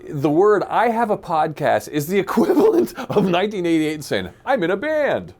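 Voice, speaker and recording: A man hosting a podcast in casual chat, a goofy, animated storyteller. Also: sits high, moderate pace. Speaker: podcast host.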